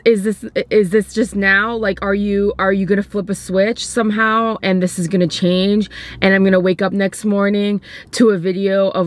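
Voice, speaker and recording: A young woman with a medium-pitched voice offers casual reaction commentary as a YouTuber. She sounds hesitant, often restarting as she hunts for the right words.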